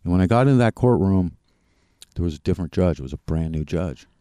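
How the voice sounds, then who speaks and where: A man, a podcast guest, candidly telling his personal recovery story in a plain-spoken, halting way with frequent restarts. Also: low-pitched, animated, mellow, clear, resonant tone, no room sound.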